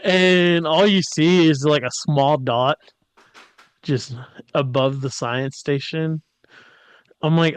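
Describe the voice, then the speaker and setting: A man co-hosts a podcast and talks slowly through an episode recap. His voice is smooth and fairly high. He jokes along and mimics the characters as he goes, recorded dry and close. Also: steady tone, no echo. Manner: jokey, mimics characters in quotes. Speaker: podcast co-host.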